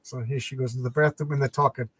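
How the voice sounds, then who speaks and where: A man's voice: medium pitch, steady tone, very fast, a bit bright, slightly rough, no echo. A man hosting a casual late-night comics live stream, rambling as he retells comic plots.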